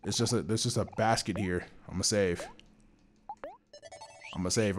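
A male gameplay streamer giving excitable, nervously jokey commentary and swearing a lot. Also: on the low side, measured pace, long pauses, slight background noise. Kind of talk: let's play commentary.

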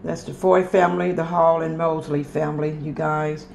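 A woman's voice: sits low, level tone, moderate pace, creaky, a little mellow, a little hiss or hum. A woman, showing her home-cooked meal to viewers in a homey, chatty way. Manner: homey, chatty, addresses viewers as y'all and honey. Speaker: cooking vlogger. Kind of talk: casual cooking show-and-tell.

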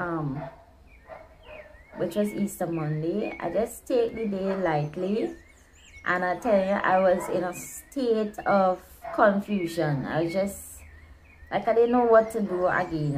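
A woman's voice: lowish voice, background noise. A woman earnestly telling a personal story, venting her frustrations and talking about her faith. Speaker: vlogger. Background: neighborhood dogs barking.

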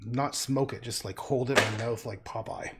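A man's voice: medium pitch, normal speed, a little hiss or hum. A man chatting casually on a livestream while he paints, rambling and talking to himself about the canvas.

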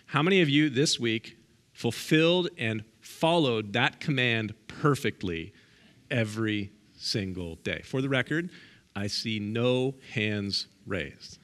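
A man's voice: on the high side, sharp tone. A middle-aged man, a guest pastor, preaching a sermon with emphatic repetition and direct questions to the congregation in a church. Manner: emphatic, repeats key words for stress. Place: church sanctuary.

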